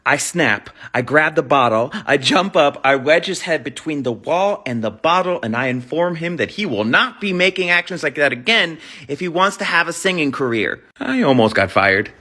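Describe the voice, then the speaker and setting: A man who once waited tables in nightclubs, telling a story in a dry, deliberate way. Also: a little high, animated, bright, forceful tone. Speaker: former nightclub server. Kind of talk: casual storytelling.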